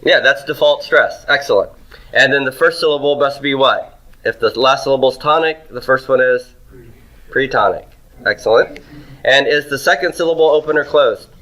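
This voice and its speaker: A man's voice: mid-range voice, normal speed, fairly bright tone, rough recording. A man teaching Hebrew grammar in a classroom lecture, asking questions and answering them himself.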